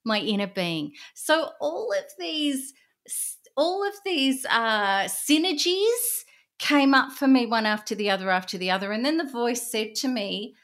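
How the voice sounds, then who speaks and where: A woman's voice: on the high side, lively intonation, measured pace. Earnest woman telling a personal story. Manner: earnest, intense, with soft hushed passages. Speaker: interview guest.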